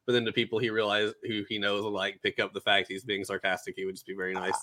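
A man in casual chat, relaxed and agreeable, rambling through ideas with fillers. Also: lowish voice, fast talker. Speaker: co-host brainstorming an anime.

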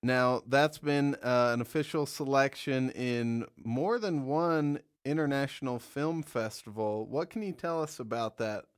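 A man's voice: mid-range voice, measured pace, hardly any pauses, smooth. Joking male talk show host. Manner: playful, joking, reads an ad. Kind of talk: casual interview chat.

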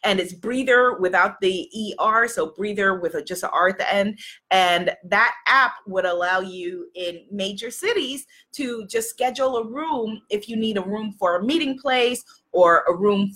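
A woman's voice: mid-range voice, a little slow, a bit bright. A woman business coach chatting casually to her audience, rambling with many fillers and restarts.

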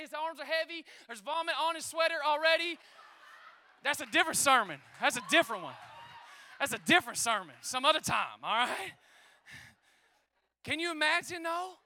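A high-voiced man preaches with bursts of energy, calling out to his congregation and whooping between points. His tone is bright and forceful, captured dry with no room echo. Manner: energetic, exclaiming and calling on the crowd. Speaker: pastor. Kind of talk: lively sermon.

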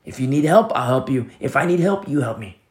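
A man preaching a sermon as pastor, earnest and repetitive, often dropping to a soft hush. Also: medium pitch, expressive, fairly quick, echoey room.

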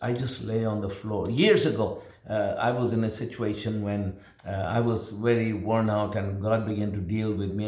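A man's voice: lowish voice, a little mellow, echoey room. A man in his sixties preaching, telling a personal story in an earnest, emotional way, often repeating himself. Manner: earnest, repetitive, emotional retelling with restarts. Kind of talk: sermon storytelling.

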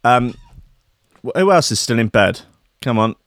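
A man's voice: mid-range voice, very animated, brisk, dry recording, clean studio sound. A man hosting casual solo commentary, with a playful, sweary, rambling manner. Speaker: host.

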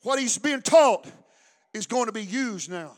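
Male preacher, very high voice, shouting sermon. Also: animated, a little slow. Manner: shouting, fiery preaching with sudden drops to quiet. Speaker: pastor. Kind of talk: Pentecostal sermon.

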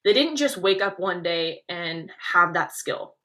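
A young woman from Nebraska hosting a coaching podcast, talking in an energetic, leaning-in way with emphatic stresses. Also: fairly low pitch, unhurried. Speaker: podcast host and pageant coach.

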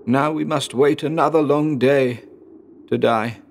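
A man's voice: medium pitch, steady tone, a little slow, slight background noise, pitched above the performer's own voice, lightly acted. A man voicing a desperate young son in a horror story reading, with a tense, pleading delivery. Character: desperate young adult son, grim, hopeless. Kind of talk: audiobook narration of horror story.

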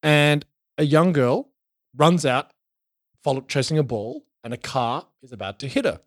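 A man's voice: medium pitch, moderate pace, dry recording, studio quality. A man from Australia casually recapping a show as podcast co-host, telling it with energy and swearing. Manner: animated storytelling with swearing.

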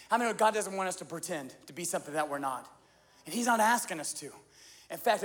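A man's voice: a little high, husky. A male pastor, a young adult, preaching a sermon with repeated phrases that swell into impassioned calls. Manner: rises to impassioned crying out, repeats phrases for emphasis.

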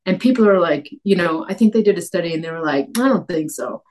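Guest author, woman from Cape Breton, low voice, animated and chatty. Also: fast talker. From Cape Breton, Canada. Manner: animated, many restarts and acted-out quotes. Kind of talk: conversational interview.

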